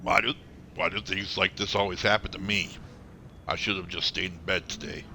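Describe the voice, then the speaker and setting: A man's voice: deep voice, steady tone, moderate pace, bright, forceful tone, a little hiss or hum. A man streaming a game, reading all its dialogue aloud in his own voice, stumbling over words now and then, with the hiccups. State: has the hiccups.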